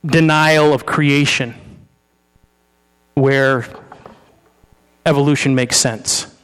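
A pastor's mid-range voice stays steady, stretching out words with a slightly bright, clear, resonant tone. He gives an informal sermon with a live demonstration, talking with his congregation and often repeating or restarting words. The sanctuary recording has the long reverb of a large hall.

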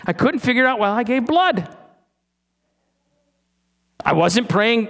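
A man's voice: extremely high pitch, big pitch swings, takes it slowly, vocal fry, fairly bright tone. A middle-aged man preaching a sermon in a conversational way, stumbling over restarts and asking his listeners questions. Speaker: pastor.

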